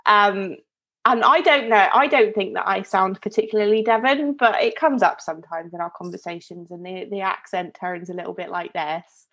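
This woman, a podcast co-host, shares a story in chatty, meandering style with self-interruptions and frequent laughter. She speaks at medium pitch and moderate pace in a slightly bright voice.

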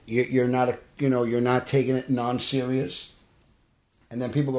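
An animated actor with a Brooklyn New York accent, born in Brooklyn, tells stories as a guest in a casual podcast interview, acting out the dialogue. He speaks at normal speed with a medium pitch, and the podcast studio has a roomy echo.

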